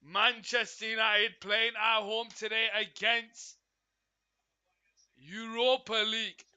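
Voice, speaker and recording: A man's voice: high voice, flat delivery, slow, sharp tone, clear, resonant tone, lo-fi sound. A man hosting a live football watchalong, chatting to his viewers by name and calling out the team news with hype. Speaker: watchalong host.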